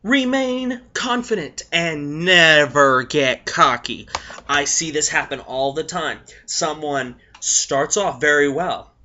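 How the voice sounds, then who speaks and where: A hoarse young man giving blunt, profane tips to his viewers in a casual vlog, coughing between points. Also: a little high, lively intonation, takes it slowly, sharp tone. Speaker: vlogger. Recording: dull lo-fi recording.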